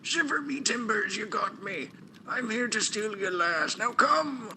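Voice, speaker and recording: A man's voice: sits high, animated, unhurried, bright, forceful tone, pitched above the performer's own voice, heavily acted. A man voicing a boisterous young male air pirate in a hammy, swashbuckling put-on voice. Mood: blustering. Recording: noisy background hiss.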